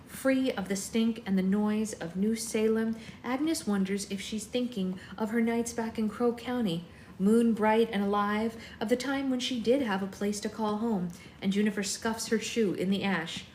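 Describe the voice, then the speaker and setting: A woman reads a novel aloud for her book club, steady and clear with chatty asides in between. Her voice sits at an ordinary pitch, and the room around her adds a roomy echo with faint background noise.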